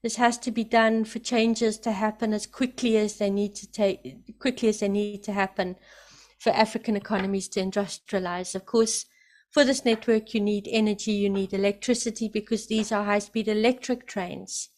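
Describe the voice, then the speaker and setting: A woman giving emphatic, excited spoken commentary, often repeating herself for emphasis. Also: mid-range voice, normal speed. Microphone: computer mic, camera off.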